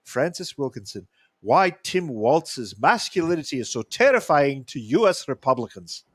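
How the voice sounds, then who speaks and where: A man's voice: medium pitch, big pitch swings, normal speed, breathy edge, dry recording, studio quality. A middle-aged American man co-hosting a casual political talk show, blunt and profane, reading articles aloud with sarcasm. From United States. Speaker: co-host.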